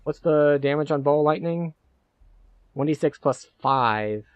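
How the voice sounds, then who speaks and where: A man live-streaming a game, chatting casually and thinking out loud as he plays. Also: fairly high pitch, measured pace, smooth, no echo, dull audio. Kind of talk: live-stream gameplay commentary.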